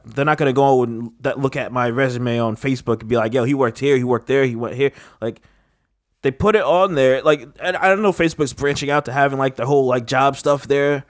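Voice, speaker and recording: A man's voice: mid-range voice, dry recording, studio quality. A man in casual chat, rambling with lots of filler words and a skeptical tone.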